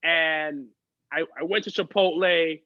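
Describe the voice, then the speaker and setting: A man's voice: on the high side, steady tone, unhurried, no room sound, highs cut off. A man, a guest on a podcast, telling stories in chatty, profane casual conversation. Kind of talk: casual chat.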